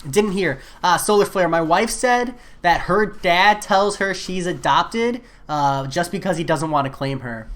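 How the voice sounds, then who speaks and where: A man's voice: high-pitched, unhurried, hardly any pauses, a bit bright. A man chatting casually while live-streaming a game, answering viewer messages in a laid-back way.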